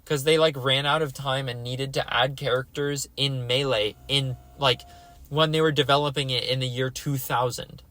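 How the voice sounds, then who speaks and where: A man's voice: medium pitch, steady tone, normal speed, bright, forceful tone. A young man hosting a casual solo podcast, rambling and exasperated, filling his talk with "like". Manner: rambling, exasperated, heavy use of "like". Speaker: podcast host.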